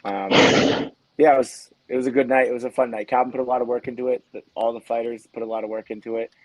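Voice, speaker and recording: A man's voice: mid-range voice, little pitch movement, a little mellow, no echo, rough recording. A man from New England, a coach guest on a casual podcast, talking with many restarts. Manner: fast, rambling, many restarts.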